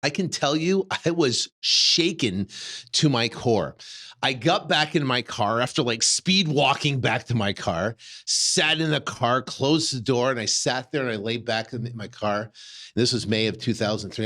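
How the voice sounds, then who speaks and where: A man in his fifties with a middle-pitched voice tells a personal story casually. He keeps it animated, stumbling through fillers and restarts and acting out his own reactions. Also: unhurried. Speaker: real estate investor and podcast host.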